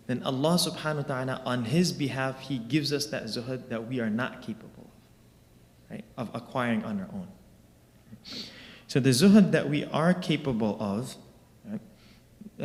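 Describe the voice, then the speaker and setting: Man, religious teacher, chatty lecture, keeps asking "right?", everyday examples, mid-pitched voice, long hall reverb. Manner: conversational, constantly checks in with "right?".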